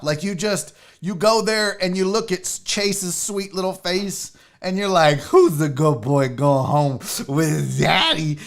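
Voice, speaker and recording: A man's voice: high voice, a bit bright. A man hosting his own sports show, talking casually in a rambling, jokey way and swearing freely. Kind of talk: casual livestream talk.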